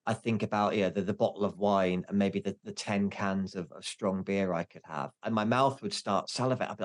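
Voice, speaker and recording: Fairly low-pitched and fairly quick, this man in his forties is a podcast guest in casual interview chat. He talks candidly, pokes fun at himself, and restarts many times.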